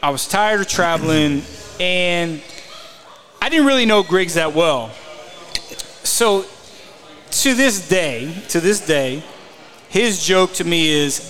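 Male podcast co-host with a high voice, a former mini tour golfer, tells rambling self-mocking stories. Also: lively intonation, takes it slowly, long pauses, fairly bright tone. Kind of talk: casual chat.

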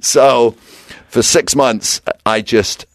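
A man's voice: mid-range voice, drawn-out words, no echo, studio quality. A man, a radio DJ and guest, telling stories from his career in a casual interview and acting out the people he quotes. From England. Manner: animated storyteller acting out quotes.

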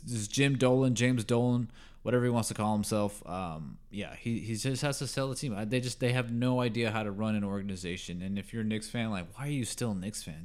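On his solo sports podcast, the host shares strong views in a meandering style, often restarting sentences and using fillers. His voice rises in both pitch and loudness whenever he gets heated.

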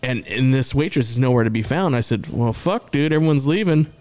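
A man's voice: mid-range voice, brisk, darkish tone. Laughing, interrupting podcast man. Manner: laughing, interjecting, steering the story. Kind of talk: casual chat.

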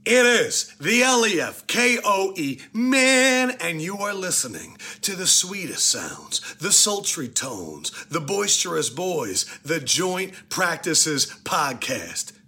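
A man announcing a podcast intro with showy, drawn-out hype. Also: high-pitched, sing-song, bright, forceful tone, husky. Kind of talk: hyped show intro.

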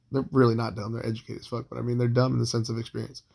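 A man's voice: medium pitch, flat delivery, fast, darkish tone. A man in his late thirties telling a long personal story in a casual, profane, rambling way, full of fillers and restarts. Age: 30s. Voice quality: gravelly, husky voice.

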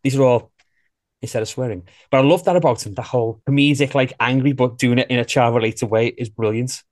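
A man's voice: mid-range voice, fast talker, dry recording, studio quality. A man hosting a casual podcast chat, telling film stories with animation. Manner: animated storyteller, acts out quoted lines. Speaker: podcast host.

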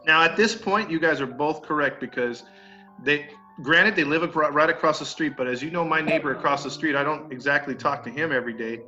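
A man's voice: on the high side, fairly quick. Slangy man telling a crime story. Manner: animated, slangy, acts out quotes. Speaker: podcast host telling a true crime story. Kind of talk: casual storytelling. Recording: dull lo-fi sound with faint music.

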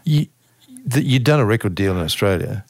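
Lower-voiced male interviewer. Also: animated, fairly quick, dry recording, clean studio sound. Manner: brief prompts and reactions. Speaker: podcast host. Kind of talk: casual interview.

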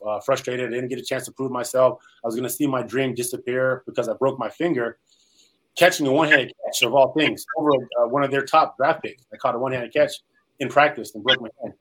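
Fast-talking man telling his life story. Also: mid-range voice, fairly bright tone, poor audio. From Salinas, California. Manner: earnest, rambling, many fillers and restarts. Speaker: former pro football player, guest. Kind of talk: personal storytelling in an interview.

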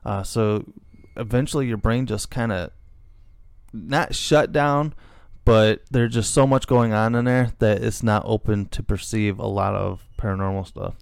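A man's voice: fairly low pitch, fairly even intonation, unhurried, gravelly, smooth, no echo, clean studio sound. A middle-aged man, co-hosting a casual podcast and rambling with frequent restarts. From Illinois, USA. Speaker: podcast co-host.

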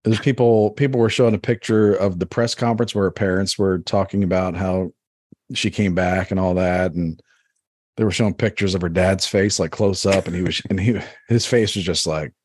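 A man's voice: low voice, steady tone, moderate pace, darkish tone, husky, no room sound. A man co-hosting a podcast in casual chat, rambling with a lot of "like.". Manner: rambling, heavy use of "like". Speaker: podcast co-host.

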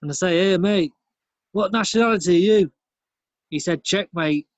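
A man plays a chatty pub regular from northern England, rambling through bad jokes and puns on a taped message in jovial, beery banter. His voice is high, at normal speed, natural and without echo.

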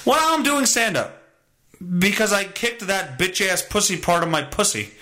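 High, bright-voiced profane podcast host. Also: male voice, sing-song, moderate pace. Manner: profane, rambling, self-mocking. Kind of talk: casual solo podcast monologue.

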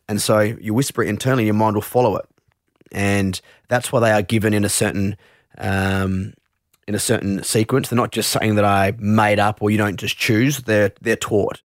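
A man with a lowish voice explains meditation in an interview, relaxed and loose, circling back to rephrase as he goes. The sound is dry and close, with no room around it. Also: no room sound. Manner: relaxed, explains with many restarts and asides. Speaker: meditation teacher.

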